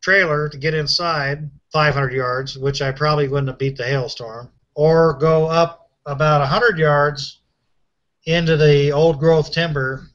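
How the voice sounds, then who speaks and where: A man's voice: fairly high pitch, fairly even intonation, measured pace, fairly bright tone, highs cut off. Chatty man rambling through a story. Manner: chatty, rambling, many restarts. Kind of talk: casual conversation.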